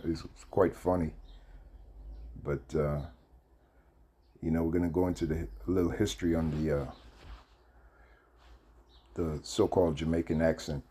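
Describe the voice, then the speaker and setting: Deep, husky man rambling through commentary. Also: warm tone. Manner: rambling, heavy with fillers, reads text aloud. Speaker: channel host. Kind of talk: casual commentary.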